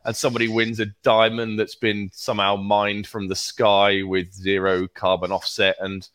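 A man's voice: on the low side, monotone, normal speed, fairly bright tone, dry recording. A man co-hosting a football podcast, with a dry, wry way of telling stories. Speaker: podcast co-host. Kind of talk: casual football podcast chat.

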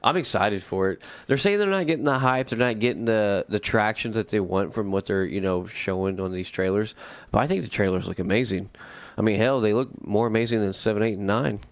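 Man, very low voice, dry close sound, easygoing podcast co-host, lots of fillers. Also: brisk, few pauses, no echo. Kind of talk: casual chat.

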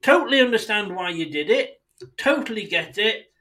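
On his football fan podcast, a man delivers an indignant, sweary solo rant aimed directly at his club's owners. His high, bright voice is expressive and forceful at a normal pace, though the recording quality is low.

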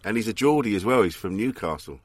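A man's voice: fairly low pitch, lively intonation, quick pace, no room sound. A man chatting casually as a podcast co-host, agreeable, laughing along and wry. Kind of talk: casual chat.

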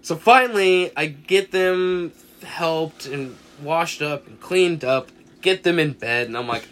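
A man's voice: a little high, slow pace. A young man co-hosting a podcast, telling a long story in casual chat, acting out the quoted lines and swearing freely. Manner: animated anecdote teller, acts out quotes, swears often. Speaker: podcast co-host.

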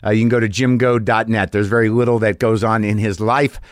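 A man's voice: on the low side, flat delivery, a little fast, dry recording, studio quality. A middle-aged man hosting a podcast, telling a rambling, profane, self-mocking story in a casual monologue. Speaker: podcast host.

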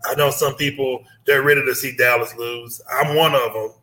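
A man's voice: medium pitch, fairly even intonation, moderate pace, bright, forceful tone, rough recording. A man from Louisiana chatting casually about football as a guest, easygoing and repeating himself. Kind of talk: casual sports chat.

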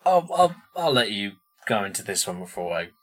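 A man with a very low, deep voice talks through songs in a casual podcast chat. He is relaxed and loose, thinking aloud and leaning on filler words as he goes. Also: brisk, husky, soft background music. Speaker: podcast co-host presenting the songs.

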